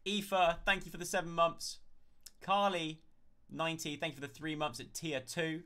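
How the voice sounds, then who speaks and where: A man's voice: fairly high pitch, flat delivery, normal speed, sharp tone, clear, resonant tone. A man chatting casually on a live stream, thanking viewers one by one and answering their questions.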